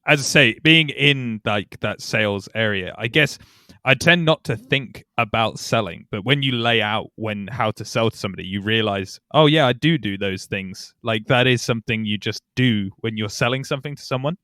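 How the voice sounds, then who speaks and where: A man's voice: lowish voice, normal speed, bright, forceful tone, dry recording, clean studio sound. A man hosting a podcast, chatting casually and thinking aloud as he agrees. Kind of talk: casual interview chat.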